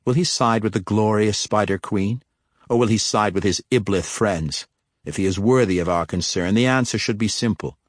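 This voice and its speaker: Guy reading a scheming dark elf matron, cold and sharp, low voice, dry sound. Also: normal speed, no room sound, lightly acted. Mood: calm scheming.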